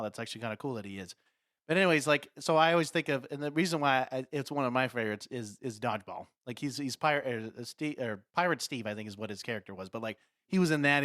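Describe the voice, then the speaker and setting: A man co-hosts a podcast in casual conversation, rambling with lots of fillers and restarts. His mid-range voice is a bit bright, recorded in a clean studio with no echo.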